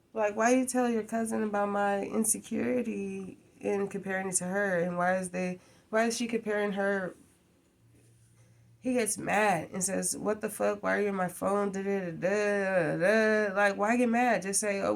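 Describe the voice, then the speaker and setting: A woman's voice: mid-range voice, gravelly. A woman vents to the camera in a casual vlog. She rambles, sounds exasperated and keeps firing off rhetorical questions. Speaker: vlogger.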